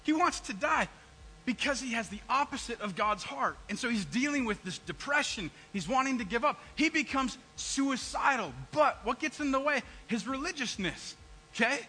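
A man's voice: very high voice, animated, moderate pace, sharp tone, low-quality recording. A man preaching a sermon in church, acting out people's complaints to God and asking his congregation questions. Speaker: pastor.

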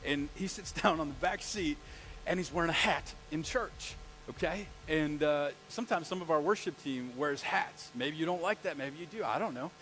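A man, a pastor, preaching a live sermon, telling stories in an animated way and asking the congregation questions. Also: on the high side, moderate pace, a little hiss or hum, poor audio.

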